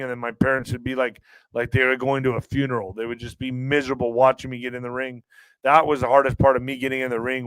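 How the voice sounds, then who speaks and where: A man's voice: mid-range voice, a bit bright, clean tone, dry recording, low-quality recording. Weary, earnest man hosting a livestream. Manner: rambling, earnest, halting with restarts. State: emotionally strained and weary. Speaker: livestream podcast host. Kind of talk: casual livestream chat reading viewer comments.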